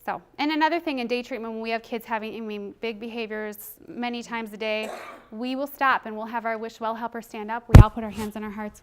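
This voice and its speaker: A middle-aged woman presenting a teaching workshop, conversational and animated, breaking into short acted classroom scenes. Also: on the high side, quick pace, smooth. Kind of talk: teaching presentation with role-play demonstration.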